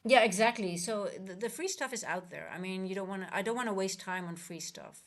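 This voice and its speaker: This trading coach and livestream host has a mid-range voice and talks a little fast. Coaching traders casually, she is earnest but rambling, with many restarts.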